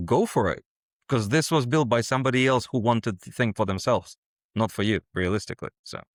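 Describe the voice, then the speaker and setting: A man's voice: mid-range voice, brisk, no room sound, clean studio sound. A man talking as a podcast guest in a casual interview, hesitant and full of fillers and restarts. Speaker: guest, game designer and world builder.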